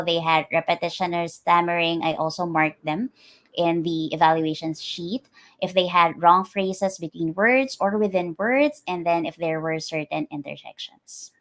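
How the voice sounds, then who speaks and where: A woman presenting her research in a lecture, explaining carefully with frequent ums and uhs. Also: on the low side. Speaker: academic presenter.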